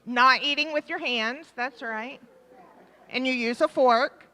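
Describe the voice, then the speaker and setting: A woman leading a children's time in a church service, asking the children questions and warmly repeating their answers, speaking into a microphone in the sanctuary. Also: high voice, slow. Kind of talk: interactive children's talk with questions. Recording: reverberant church hall.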